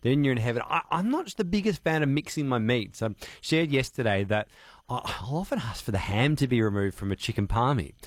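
A man's voice: mid-range voice, lively intonation, fairly quick, no room sound. A man with an Australian accent hosting a radio show, chatting in a friendly way with a few restarts. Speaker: radio host. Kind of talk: casual on-air chat. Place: radio studio. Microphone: studio microphone.

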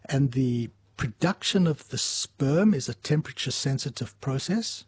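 A husky-voiced man speaking as a medical expert in an interview. He explains things in a measured, patient way, backing up and restarting now and then. His voice sits at a middling pitch, and the sound is dry and close. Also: expressive, no echo.

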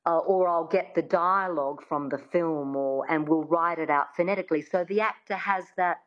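A woman speaks as a dialect coach, with a fairly low voice, slowing down to spell out sounds with care. The recording is a little dull and muffled. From Australia. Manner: articulate, demonstrates sounds slowly and precisely. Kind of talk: conversational interview, teaching.

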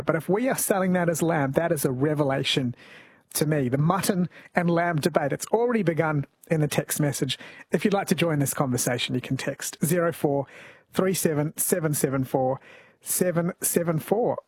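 A man's voice: on the high side, breathy edge. A man hosting a late-night talkback radio quiz, chatting and reading out listener texts. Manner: chatty, amused, reads listener texts aloud. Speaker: radio host.

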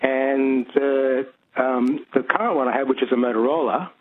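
A man's voice: mid-range voice, normal speed, a little hiss or hum. A man calling in to a radio show, rambling with many restarts. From Australia. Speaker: caller. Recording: phone line.

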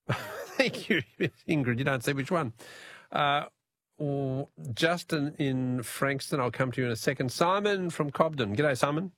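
A man's voice: on the high side, measured pace, a bit bright, no room sound. A man with an Australian accent hosting a talkback radio quiz, easygoing and chuckling.

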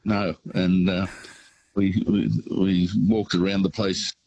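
A low-voiced Australian man with a husky edge, calling in to a late-night radio show. He tells his stories in a rambling way, with lots of pauses and "uh"s. The sound is dry, with no room around it. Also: little pitch movement, a little mellow, dry recording, muffled recording. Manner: rambling storyteller with hesitations. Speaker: caller. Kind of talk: casual phone-in chat.

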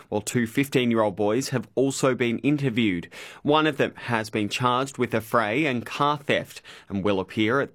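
A male newsreader delivers a radio bulletin in a steady, formal voice. His tone is even and mid-pitched. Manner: measured, formal.

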